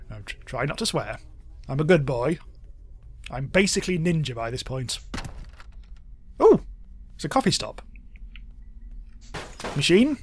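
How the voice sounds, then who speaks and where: A man's voice: fairly high pitch, very animated, a little slow, pauses often, breathy edge. A young man chatting wryly through a let's play, exclaiming at what happens on screen. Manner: chatty, wry, exclaims at game events. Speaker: gaming YouTuber.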